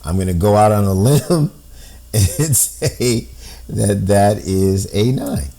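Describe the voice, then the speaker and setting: A man's voice: fairly low pitch, lively intonation, takes it slowly, warm tone. A man explaining a code on screen step by step, thinking aloud and often checking in with "right?". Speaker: amateur code-breaker.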